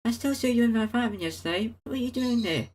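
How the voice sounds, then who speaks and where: A woman voicing a blunt, suspicious young female basketball player in a visual novel, firing off sharp, demanding questions. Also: fairly high pitch, lively intonation, fast.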